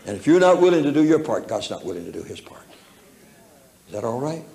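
A man's voice: medium pitch, big pitch swings, fast talker, gravelly, a crowd in the background. A man preaching a storytelling sermon, folksy and humorous, chuckling as he talks, recorded in an echoey church hall. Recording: echoey hall with faint room noise.

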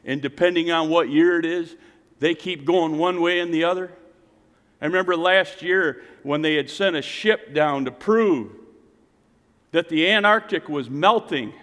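Preaching man in a reverberant hall. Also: a little slow. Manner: swings between loud emphatic calls and quiet low asides to the congregation. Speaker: pastor. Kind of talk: sermon.

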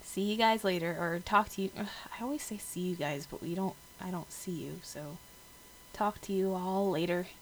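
A woman's voice: lowish voice, moderate pace, a little hiss or hum, poor audio. A woman hosting a casual solo podcast, bubbly and chatty, who laughs at herself and uses lots of filler words. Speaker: podcast host.

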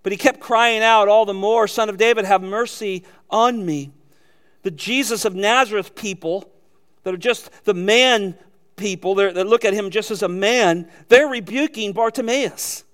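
Fervent high-voiced preacher man. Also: moderate pace, a bit bright. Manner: fervent, emphatic, repeats phrases for force. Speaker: pastor. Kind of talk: sermon.

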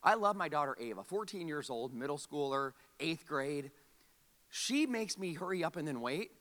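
A man in his forties preaching a humorous sermon, telling a story with comic frustration and quick asides to the audience. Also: fairly high pitch, lively intonation, a bit bright, in a large hall. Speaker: pastor. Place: large church hall.

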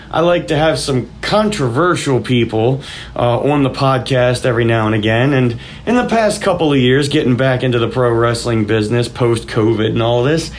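A man's voice: mid-range voice, a little hiss or hum. Rambling, good-natured male podcast host. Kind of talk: casual podcast chat.

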